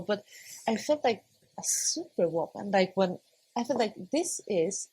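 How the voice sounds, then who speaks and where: Over a rough recording with a little hiss or hum, a mid-range woman in her thirties speaks at a moderate pace as a podcast guest. She tells a personal story casually, laughing frequently and acting out what she once said.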